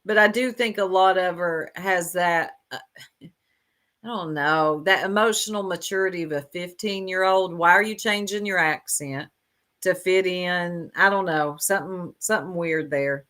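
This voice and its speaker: A woman's voice: fairly low pitch, moderate pace, fairly bright tone. A woman giving casual reaction commentary, blunt and sarcastic, laughing often and talking straight to her chat.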